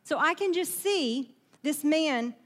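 A woman pastor preaching a sermon in a conversational, animated way, asking her listeners questions and acting out voices from the story. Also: high voice, slow. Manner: acts out quoted voices in the story.

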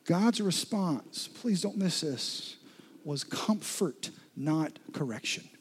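Man, pastor, sermon, husky voice, slightly high pitch, dramatic loud-to-whisper swings, direct questions to listeners. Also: lively intonation, slow.

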